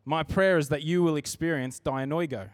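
A man's voice: on the high side, moderate pace, no echo, studio quality. A man preaching a sermon in church, earnest and conversational, often restarting his sentences.

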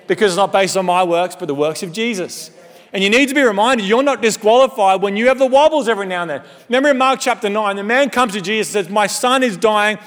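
High-voiced man preaching in a reverberant hall. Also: quick pace. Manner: animated conversational preaching with humorous asides. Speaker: pastor. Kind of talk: sermon.

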